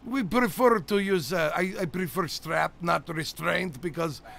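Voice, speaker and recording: A man's voice: on the high side, a little slow, creaky, pushed and bright, full character voice. A man playing a boastful, teasing 212-year-old theme-park host who runs a comedic game show. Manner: brash, teasing, theatrical.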